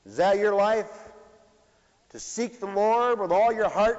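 High-voiced impassioned preacher man. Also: animated, measured pace. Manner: impassioned, swings from shouted appeals to low asides. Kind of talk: sermon. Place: church. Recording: dull recording in a reverberant church.

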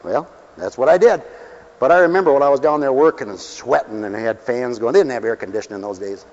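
An older man preaching a folksy, humorous sermon, swinging from quiet asides to loud exclamations. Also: medium pitch, animated, quick pace. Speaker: pastor. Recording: dull lo-fi sound with long hall reverb.

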